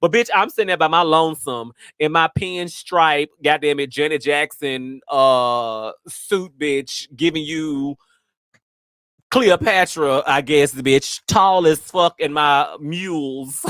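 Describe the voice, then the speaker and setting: A man's voice: a little high, slow, a bit bright, clear, resonant tone, no echo, clean studio sound. A man hosting his show, telling a story in a brash, profane, sassy way. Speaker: host. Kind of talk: casual storytelling.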